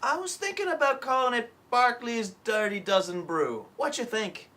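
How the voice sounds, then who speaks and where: A man's voice: extremely high pitch, expressive, normal speed, sharp tone, voice pushed up, full character voice. A man with a sore throat voicing a male dwarf brewer, reading a comedic ad script cold. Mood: jovial.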